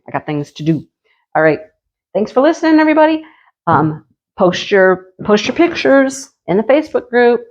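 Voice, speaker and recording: A woman's voice: fairly low pitch, a little mellow, muffled recording. Chatty woman rambling through a craft vlog. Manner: rambling, chatty storytelling with frequent "you know". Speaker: craft channel host. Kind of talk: casual chat while diamond painting.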